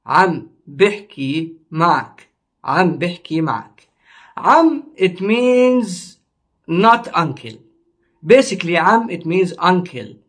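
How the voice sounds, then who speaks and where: High-voiced man teaching a language slowly. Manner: slow, repetitive explaining, drawing out words. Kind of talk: online language lesson.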